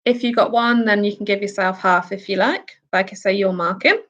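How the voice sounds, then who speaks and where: A woman's voice: mid-range voice, fairly even intonation, fairly quick, fairly bright tone, dull audio. A woman from the UK hosting a casual quiz, reading out each question and answer with chatty asides. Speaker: quiz host.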